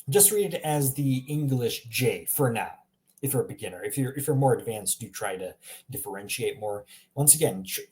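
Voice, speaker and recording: A man's voice: mid-range voice, a little mellow. A man giving a casual recorded language lesson, chatty and repetitive, often laughing at himself. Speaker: language teacher.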